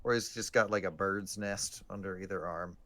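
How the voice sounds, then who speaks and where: A man's voice: low voice, steady tone, normal speed, pushed and bright. A man co-hosting a casual live stream, joking and sarcastic as he talks through a game. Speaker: podcast co-host. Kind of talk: casual live-stream chat about baseball.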